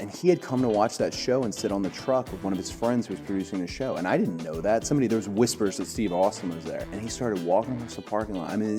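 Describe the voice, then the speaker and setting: A man eagerly telling a backstage anecdote in a casual way. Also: sits low. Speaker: wrestler telling a story.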